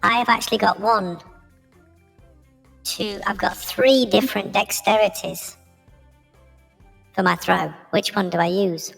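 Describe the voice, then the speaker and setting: A woman's voice: medium pitch, fairly even intonation, measured pace, gravelly, long pauses, fairly bright tone, big-room sound, soft background music. A woman playing a tabletop game online, chatty and asking about the rules. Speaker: player. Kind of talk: casual chat while playing a tabletop game.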